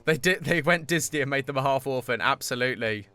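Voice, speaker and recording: A young man commentates live as he plays a game, chatting and joking at himself with lively reactions. His voice sits in a middle pitch. Game music plays clearly behind him. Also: quick pace. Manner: chatty, self-mocking, animated reactions. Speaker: streamer.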